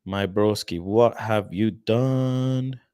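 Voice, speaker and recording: A young man chats casually to his viewers on a livestream, reading comments aloud and answering each one. His delivery is animated and expressive, and the dry, close sound of the mic keeps him right up front. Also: on the low side, extremely slow, smooth, no room sound. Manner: animated, expressive, laughs often, addresses viewers by name. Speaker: livestream host reading chat.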